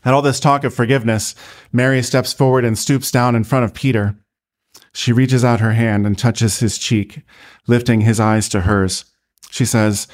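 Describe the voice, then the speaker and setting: A man, a priest, narrating a sermon as a slow, deliberate story. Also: on the low side, level tone.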